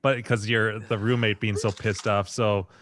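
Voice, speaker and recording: A man's voice: fairly low pitch, flat delivery, moderate pace, fairly bright tone, a little hiss or hum. A man co-hosting a podcast, telling a childhood story in a laid-back, chuckling way. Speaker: podcast co-host. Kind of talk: casual storytelling.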